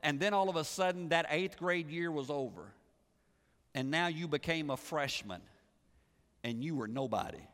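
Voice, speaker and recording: A pastor delivering a conversational sermon, with frequent restarts and rhetorical questions to the congregation. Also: male voice, a little high, animated, moderate pace, a bit bright, long reverb tail.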